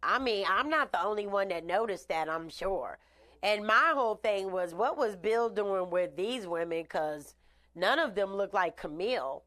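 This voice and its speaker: A woman hosting a live online show, chatting casually with shout-outs and blunt opinions. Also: medium pitch, lively intonation, normal speed. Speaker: host. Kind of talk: casual live-stream talk.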